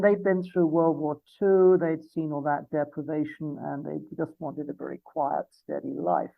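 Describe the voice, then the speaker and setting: A gravelly, slightly high-voiced man in his seventies from England reminisces at length as an interview guest, frequently straying into reflective side remarks. There's no room sound on the dry, phone-like line.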